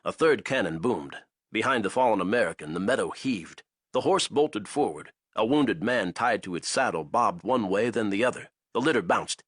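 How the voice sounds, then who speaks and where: A man narrating an action audiobook in a dramatic, expressive way. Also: fairly low pitch, moderate pace, no echo, clean studio sound.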